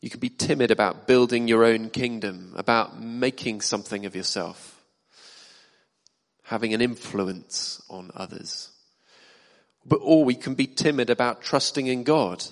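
A man's voice: mid-range voice, a little slow. A man preaching a sermon in a church hall, talking conversationally and asking the congregation questions. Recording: long reverb of a hall.

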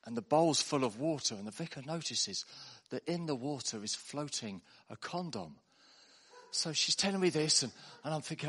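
A man's voice: a little high, expressive, normal speed, sharp tone, breathy edge. A man, a pastor delivering a chatty, self-deprecating sermon full of jokes and anecdotes to a congregation in church. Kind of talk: humorous sermon storytelling.

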